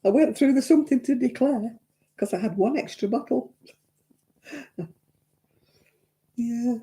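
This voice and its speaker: A woman's voice: a little high, a little slow, mellow. A woman hosting a casual craft live stream, telling stories in a chatty, self-mocking way and laughing between them.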